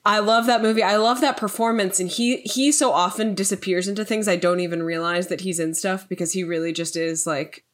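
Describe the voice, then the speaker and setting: A woman's voice: medium pitch, fairly even intonation, a little fast, few pauses. A woman co-hosting a casual film podcast, chatty and enthusiastic. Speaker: podcast co-host.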